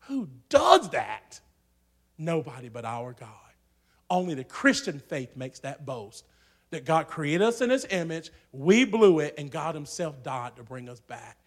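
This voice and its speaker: Man, preacher, church sermon, higher-pitched, hushed-to-shouting delivery. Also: expressive, normal speed. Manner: swings between hushed and shouting.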